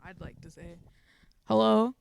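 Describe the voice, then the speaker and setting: A woman's voice: medium pitch, a little slow, creaky, faint music behind. A woman at a live event thanking her friends, on the verge of crying and laughing through it. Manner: tearful, gushing thanks. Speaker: event participant.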